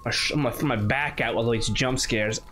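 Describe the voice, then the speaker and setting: A man's voice: mid-range voice, fast talker, fairly bright tone, a little hiss or hum. A man on a YouTube channel giving nervous, chatty running commentary while playing a horror game. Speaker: YouTube gamer.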